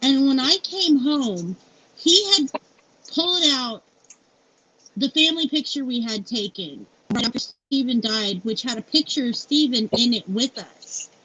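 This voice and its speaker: High-voiced woman telling a heartfelt story. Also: animated, unhurried, bright, forceful tone, husky. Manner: candid and heartfelt, many fillers like "like" and "you know". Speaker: founder and CEO interviewed as guest. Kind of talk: emotional personal storytelling. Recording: dull lo-fi sound with faint noise.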